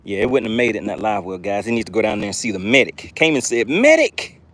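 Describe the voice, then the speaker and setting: A man hosting a live fishing stream from a boat, excitedly talking to his viewers and reading their chat aloud. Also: lowish voice, racing. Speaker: fishing channel host. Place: on a boat on open water. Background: jet skis and outdoor ambience.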